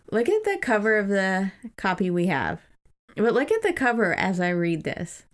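A woman's voice: mid-range voice, sing-song, measured pace. Laughing, casual woman podcast host. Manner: laughs often, swears casually. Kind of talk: casual chat, reading aloud from a book.

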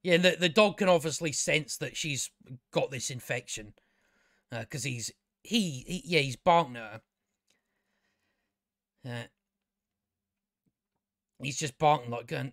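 A man chats his way through an episode review in a slightly high voice. He rambles, restarts his sentences and swears offhandedly. The recording is close and dry, with no room sound. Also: measured pace, long pauses, a bit bright, no echo. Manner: chatty, frequent restarts, swears casually. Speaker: TV review channel host.

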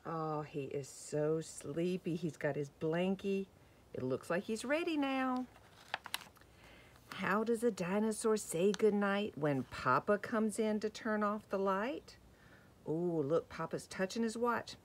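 A woman reading a picture book to young children, gentle and slow, asking questions about the pictures. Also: mid-range voice, expressive, a little hiss or hum. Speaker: children's story time reader.

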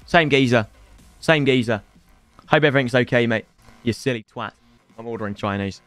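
A young man streaming for hours on a headset mic, tired, swearing and bantering with sudden shouts. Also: mid-range voice, moderate pace, long pauses, no room sound, soft background music. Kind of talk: casual live-stream chat.

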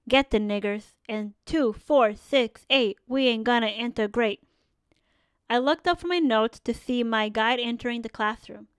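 A woman's voice: on the high side, clear, resonant tone, no room sound. Earnest woman reading a memoir. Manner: earnest, measured storytelling. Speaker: audiobook narrator. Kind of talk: first-person memoir reading.

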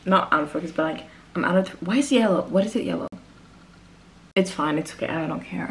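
A woman's voice: on the low side, fast talker, a little hiss or hum. A woman, talking casually to camera about arranging music, rambling and interrupting herself. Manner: rambling, chatty, self-interrupting. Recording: roomy echo.

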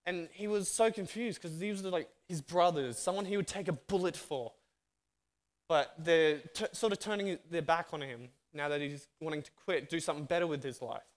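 A man with an Australian accent telling a story in a sermon, narrating lively and acting out the dialogue. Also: fairly high pitch, normal speed. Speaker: guest speaker.

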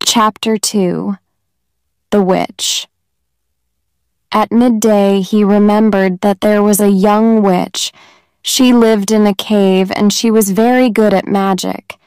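A woman narrating a simple story in a slow, careful reading voice for language learners. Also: mid-range voice, steady tone, darkish tone, smooth, dry recording.

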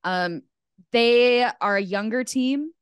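A woman's voice: a little high, slow pace, clean tone, no room sound. A woman co-hosting a sports podcast in casual chat, dry and good-humored. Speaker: podcast co-host.

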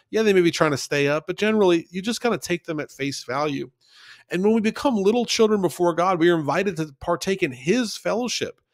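A man's voice: on the high side, no room sound, studio quality. A man giving a conversational Bible study, talking in an earnest, folksy way and repeating points for emphasis.

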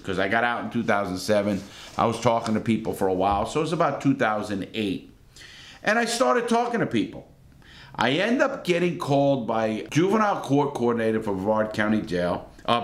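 A man's voice: mid-range voice, reverberant. A middle-aged American man telling his own story in a blunt, profane, streetwise way, hosting his channel. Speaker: host. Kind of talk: casual storytelling monologue.

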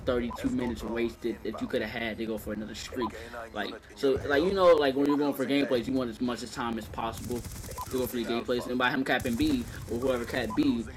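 A man talking casually over gameplay footage, rambling with many fillers and restarts and swearing freely. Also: medium pitch. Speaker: gameplay video commentator.

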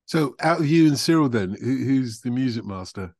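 A man's voice: mid-range voice, lively intonation, normal speed, a little mellow, dry recording. Chatty male interviewer, dry close sound. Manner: conversational and chatty, prompting with short affirmations. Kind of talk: casual interview.

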